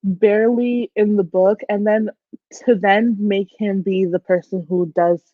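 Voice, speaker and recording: A young woman hosting a casual book discussion livestream, chatty and animated, full of "like" fillers. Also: mid-range voice, a little slow, dry recording. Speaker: book channel host. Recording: dry, tinny phone-like audio.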